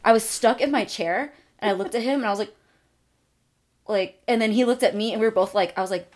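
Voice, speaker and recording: A young adult woman co-hosting a podcast, telling a long story in casual chat, animated and full of fillers, acting out her own thoughts. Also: mid-range voice, a little fast. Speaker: podcast co-host.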